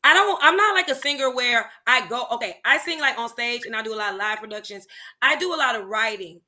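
A woman, a music teacher and songwriter, chatting in an interview and telling animated stories with laughter. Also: fairly high pitch, fairly quick. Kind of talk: casual interview chat.

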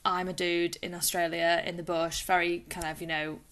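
A woman chatting casually as a podcast co-host, telling lively, joking anecdotes. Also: fairly low pitch, normal speed, clear, resonant tone. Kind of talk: casual chat.

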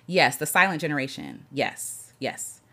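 A woman's voice: sits low, unhurried, slightly rough. A woman hosting an impromptu livestream from her home, chatting casually, reading viewer comments aloud and greeting people as they join. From United States. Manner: earnest, reads out viewer comments and greets them warmly. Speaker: livestream host.

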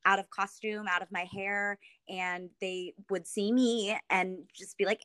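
A woman in her thirties, a podcast guest, telling a story in casual chat and acting out quotes with big jumps in pitch. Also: lively intonation, measured pace, few pauses, a bit bright, no room sound. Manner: many fillers and restarts.

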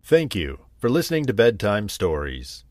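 A man reading a scripted bedtime story in a gentle, unhurried, expressive way. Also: lowish voice, faint music behind.

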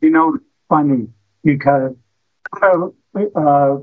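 A man's voice: fairly high pitch, fairly even intonation, slow. A man talking as a podcast guest, telling stories and asking rhetorical questions. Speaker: guest, health practitioner. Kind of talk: casual conversation. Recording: muffled, dull audio.

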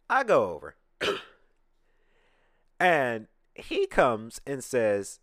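This man from Atlanta, USA, speaks slowly in a fairly high voice while hosting a podcast, recounting a story in casual conversation. He's animated and voices the people he quotes, and the studio podcast mic captures clean sound without any room noise.

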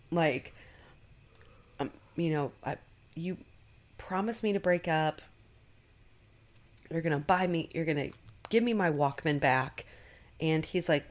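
A woman co-hosting a podcast, recapping an episode in casual chat, full of fillers and acted-out quotes. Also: deep voice. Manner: chatty, many fillers, acts out quotes. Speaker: podcast co-host.

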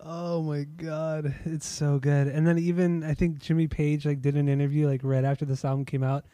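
A man's voice: a little high, level tone, normal speed, dark tone, no room sound. A man from Southern California with a Southern Californian accent, co-hosting a podcast in casual chat, teasing and laughing easily. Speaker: podcast co-host.

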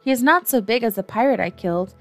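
A woman's voice: on the high side, animated, fast, faint music behind, pitched above the performer's own voice, close to an everyday voice. A woman voicing a small, sleepy, innocent little boy in a storybook reading.

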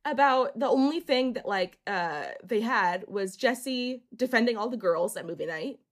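Young female co-host, lively pitch, fairly high voice, casual recap chatter. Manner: animated, fast bursts, laughs often. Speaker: podcast co-host. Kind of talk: casual chat recapping a reality show.

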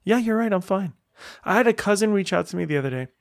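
A man's voice: high voice, lively intonation, fast, vocal fry, no room sound, studio quality. A middle-aged man hosting a casual solo podcast, telling stories in a chatty way full of rambling asides. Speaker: podcast host.

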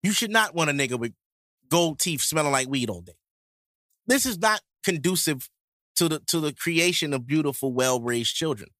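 Podcast co-host, New man, lively crude banter, pitch jumps all over, dry close sound. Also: normal speed, dry recording. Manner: animated, crude, joking banter. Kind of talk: casual podcast chat.

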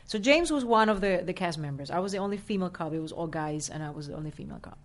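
A woman from Rico, a guest telling an animated story in a casual interview, acting out what people said. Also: on the low side. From Puerto Rico. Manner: animated, acts out quoted dialogue, fast bursts. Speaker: actress and guest.

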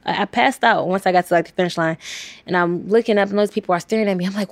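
A woman in her twenties from Washington, D.C., a college student speaking candidly and quickly in an interview, acting out the exchanges she retells. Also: medium pitch, fairly even intonation, no echo. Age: 20s. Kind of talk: recorded interview.

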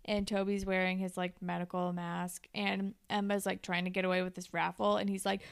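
A woman's voice: medium pitch, level tone, a little fast, vocal fry, few pauses, smooth. A woman co-hosting a casual TV recap podcast, laughing and swearing freely as she retells scenes. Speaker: podcast co-host.

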